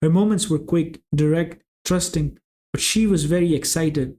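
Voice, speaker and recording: Male audiobook narrator, slightly high voice, soft mellow tone, measured reading. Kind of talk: scripted narration.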